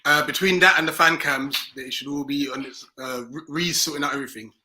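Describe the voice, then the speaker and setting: A man joining a casual football chat remotely, telling stories in a chatty, excitable way. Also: fairly high pitch, fairly quick, poor audio. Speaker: guest on call.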